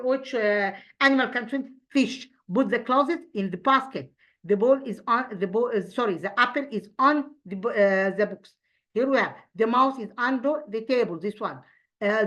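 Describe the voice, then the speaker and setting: Halting woman teaching a children's English lesson. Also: fairly high pitch, fairly bright tone. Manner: halting, many fillers and restarts, explaining step by step. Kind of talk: primary school English lesson.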